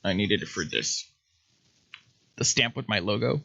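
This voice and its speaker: Chatty gravelly man on a lo-fi stream. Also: on the low side, lively intonation, a little slow, pushed and bright. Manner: laughs often, chatty and playful. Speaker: livestream host. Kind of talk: casual chat while painting. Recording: muffled lo-fi stream audio.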